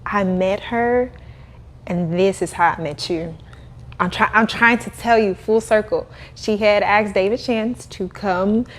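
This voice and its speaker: A young woman talks as a guest on an interview podcast, telling her story with energy. She laughs often and acts out the voices of the people in her story. Her voice sits at an ordinary middle pitch. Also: unhurried. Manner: animated, laughing, acts out quoted dialogue. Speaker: guest, cleaning business owner.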